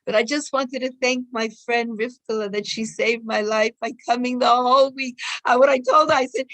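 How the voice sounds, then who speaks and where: A woman's voice: high-pitched, moderate pace, few pauses, a bit bright, dry recording, poor audio. A woman giving an informal, emotive Torah class, telling personal stories and sprinkling in Hebrew and Yiddish terms. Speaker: Torah teacher.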